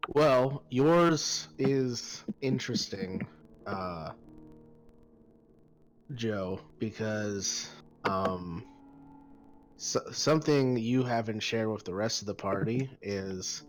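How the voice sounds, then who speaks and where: A man narrating as game master of a tabletop game, pausing often and filling gaps with "uh" and "like" as he describes the scene. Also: lowish voice, a little hiss or hum, rough recording. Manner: hesitant, full of pauses and fillers. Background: faint background music.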